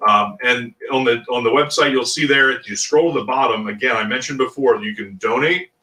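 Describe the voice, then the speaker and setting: A man's voice: mid-range voice, brisk, bright, forceful tone, recorded from a distance. A man hosting a live charity fundraiser from a fishing shop, chatty and enthusiastic. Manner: chatty, enthusiastic, thanks supporters. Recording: echoey shop, off-mic.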